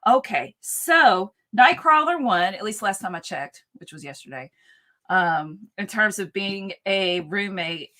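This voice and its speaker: A woman's voice: mid-range voice, lively intonation, unhurried, sharp tone. A woman co-hosting a live chat show, chatting and reading out viewer questions. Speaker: co-host.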